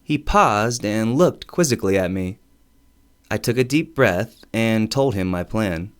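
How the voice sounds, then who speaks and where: A man narrating a first-person audiobook story in an expressive, wry storytelling manner. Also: on the low side, measured pace, clear, resonant tone.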